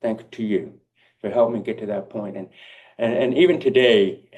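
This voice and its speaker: A man's voice: on the low side, moderate pace, darkish tone, highs cut off. A man with a deaf accent giving a heartfelt, encouraging keynote speech, speaking directly to his audience.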